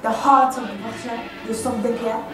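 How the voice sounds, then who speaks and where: A woman's voice: a little high, little pitch movement, far from the mic, natural voice. A young woman student playing a boastful young male Russian revolutionary in a classroom role-play, with a put-on French accent. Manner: boastful, halting, laughing at herself. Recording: echoey classroom from afar with music.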